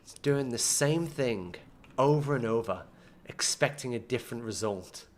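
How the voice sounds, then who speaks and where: A man's voice: medium pitch, animated, measured pace, a little hiss or hum. A young man commenting casually on his own gameplay, muttering to himself and breaking into frustrated outbursts. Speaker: gaming streamer.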